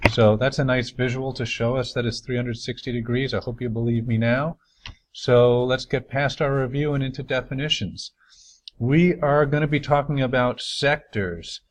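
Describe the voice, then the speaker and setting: A man from New York, a math teacher, giving a recorded lesson over slides in an upbeat, chatty way with folksy asides. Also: medium pitch.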